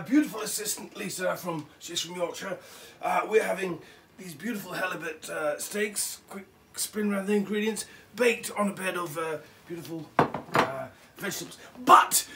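A man plays a brash, foul-mouthed Scottish TV chef, pompous and rambling, with a fairly high voice. He sounds a little away from the mic in an echoey kitchen, with pans and cutlery clattering behind him. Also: sharp tone, distant mic, slight background noise, heavily acted. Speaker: cooking show host. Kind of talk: comedic cooking show.

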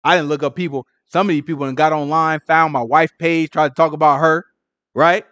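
Animated high-voiced male Bible teacher. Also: brisk, no room sound, highs cut off. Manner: animated, acts out scripture figures, stutters. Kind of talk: casual Bible study preaching.

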